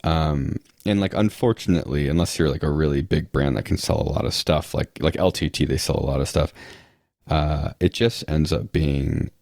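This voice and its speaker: Man, very deep voice, dry close sound, rambling podcast guest, sarcastic asides. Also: moderate pace, creaky, a little mellow, dry recording. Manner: rambling, full of restarts and "like". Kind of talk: casual interview chat.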